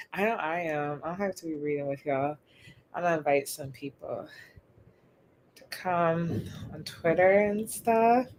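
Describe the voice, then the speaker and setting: Excitable slangy young woman streaming from bed. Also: lowish voice, a little hiss or hum. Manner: excitable, slangy, chatty with frequent "y'all". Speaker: livestream host. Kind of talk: casual livestream chat. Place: in bed at home.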